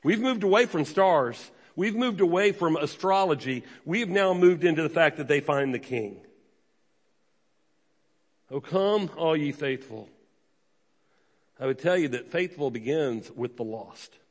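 A pastor giving a sermon, emphatic and conversational, asking the congregation rhetorical questions. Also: male voice, fairly high pitch, expressive, moderate pace, hardly any pauses, long reverb tail.

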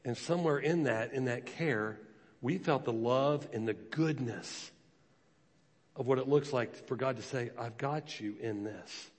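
A man's voice: mid-range voice, measured pace. A man preaching a sermon as a pastor, telling stories with acted quotes. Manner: storytelling with acted quotes, animated. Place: church sanctuary. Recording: long reverb of a large hall.

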